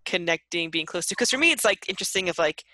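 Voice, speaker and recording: A woman's voice: lowish voice, lively intonation, fast talker, bright, forceful tone, no room sound. A woman hosting a casual chat, curious and hedging with fillers. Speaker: host.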